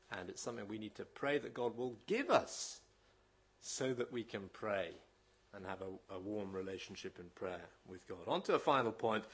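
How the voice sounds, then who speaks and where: A man preaching a sermon in an animated, emphatic, conversational way with occasional hesitations. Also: on the low side, breathy edge.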